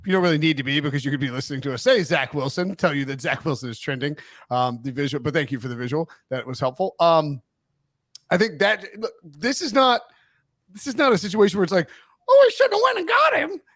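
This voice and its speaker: A man's voice: on the high side, quick pace, a bit bright, no echo, clean studio sound. A man co-hosting a sports podcast, rambling and teasing as he talks through football takes. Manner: rambling, self-correcting, teasing. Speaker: podcast co-host. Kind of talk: casual sports chat.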